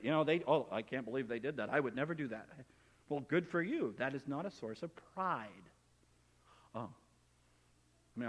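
Preaching man in a reverberant hall. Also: a little high. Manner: animated preaching, acting out imagined inner voices. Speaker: pastor. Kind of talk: sermon.

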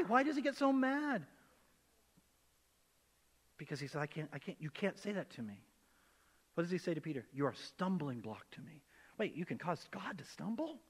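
Male pastor, conversational sermon, slightly high voice, echoing church hall. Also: fairly quick. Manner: conversational, animated, acts out voices in quotes.

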